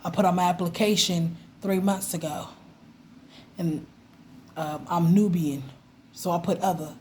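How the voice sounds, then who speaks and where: Woman vlogger just talking, animated, laughs a lot, does little voices, some faint noise in the back. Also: fairly low pitch, measured pace. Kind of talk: casual faith talk to camera.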